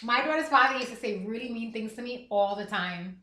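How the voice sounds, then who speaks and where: This woman in her thirties hosts a livestream, chatting candidly and laughing a lot. Her voice is slightly high and slightly quick, with background noise and the echo of a reverberant room.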